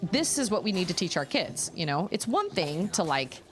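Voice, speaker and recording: A woman chatting casually with her viewers while streaming a game from home, rambling through stories in an expressive way. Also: fairly low pitch, moderate pace. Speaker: gaming streamer. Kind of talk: casual livestream chat while gaming. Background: faint game music.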